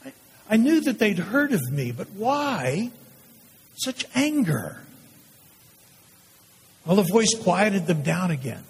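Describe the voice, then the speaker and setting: A man voicing a condemned male prisoner awaiting crucifixion, telling his story in a first-person dramatic monologue with intense pauses. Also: sits high, sing-song, creaky, breathy edge, heavily acted. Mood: anxious. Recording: long hall reverb.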